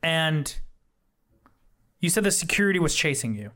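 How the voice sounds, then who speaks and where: Excitable man running a tabletop game. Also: on the high side, normal speed. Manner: rambling, excitable, slangy. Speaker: game master. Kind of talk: narrating a tabletop game, voicing characters.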